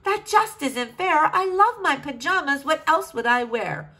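Storybook princess, young and bookish, voiced by a woman, high and lively, earnest. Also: measured pace, exaggerated voice. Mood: pleading. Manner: earnest, pleading, rhymed verse.

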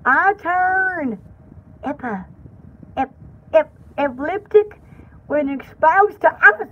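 A very high, swooping voice of an excitable pampered poodle, rambling and squealing like a cartoon shopping-show host. It is a comic pet voice-over, and the dull, lo-fi home recording keeps its squeaks slightly muffled. The pitch leaps up and down all the time. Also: female voice, slow pace, heavily acted. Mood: excited.

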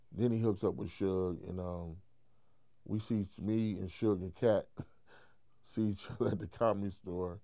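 A man, a comedian, telling an animated, profane story in an interview, mimicking the people he quotes. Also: creaky, no room sound, studio quality. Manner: profane, acts out quotes in high voices, laughs while telling.

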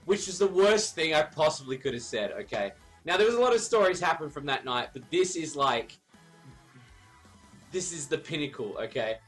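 A man with a somewhat high voice spins a long, messy, swear-heavy story to his stream audience. He's chatty and loose and fills his talk with "like". Soft music sits low behind him. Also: big pitch swings, moderate pace. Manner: rambling, profane, laughs at his own story. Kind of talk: casual storytelling on a live stream.

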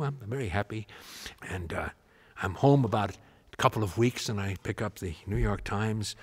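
A man's voice: on the low side, moderate pace, husky. A man from the United States, a musician, telling a comic tall tale in a rambling, stammering, wry way. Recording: long hall reverb.

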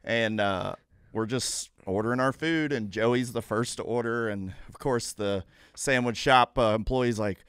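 Man, podcast guest, animated storyteller, bright tone, dry studio sound. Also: measured pace, clean tone, no room sound. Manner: animated, jumps into high-pitched impressions. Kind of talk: casual storytelling. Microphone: studio mic.

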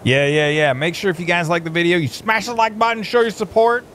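A man's voice: high voice, steady tone, fast, a bit bright, slight background noise. A man hosting a gaming channel, chatting casually and joking through gameplay commentary. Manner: goofy, laughing banter.

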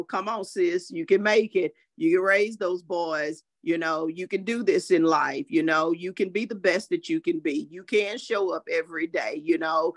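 A woman's voice: fairly low pitch, a bit bright, no room sound, studio quality. A woman hosting a faith-based morning show, encouraging listeners in a preachy, uplifting way and quoting scripture. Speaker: host.

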